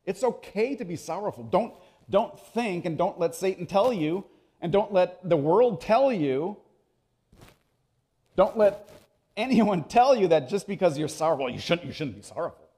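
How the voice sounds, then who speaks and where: A man's voice: sits high, animated, normal speed, mellow, slightly rough. A man preaching a sermon as pastor, emphatic and repeating phrases for stress.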